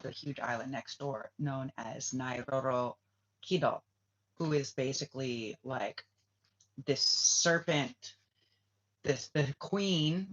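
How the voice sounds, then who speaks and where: A man hosting a casual livestream, rambling and swearing, dropping to a hush and then flaring up heatedly. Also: medium pitch. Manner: rambling, profane, swings from hushed to heated. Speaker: spiritual reader and livestream host. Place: Bali, Indonesia. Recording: dull lo-fi livestream audio.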